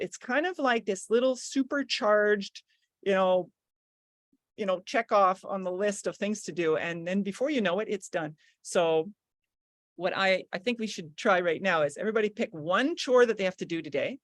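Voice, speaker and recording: A middle-aged woman leading a guided visualization on a group video call, lively and coaching, swinging between bubbly and hushed. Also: medium pitch, fairly quick, no echo, clean studio sound. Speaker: workshop guest leading the call.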